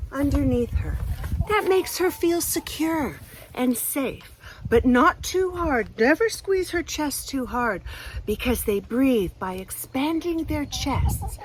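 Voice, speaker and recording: A woman from Canada hosts a children's chicken-care lesson on a farm, talking gently and softly to her hens as she teaches. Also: high voice, slight background noise. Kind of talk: friendly teaching presentation for children. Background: music.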